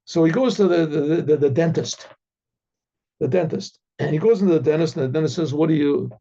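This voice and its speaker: A rabbi telling a religious story in a rambling way, with many restarts and throat-clearing, on a dull lo-fi recording. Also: male voice, fairly high pitch, brisk, mellow.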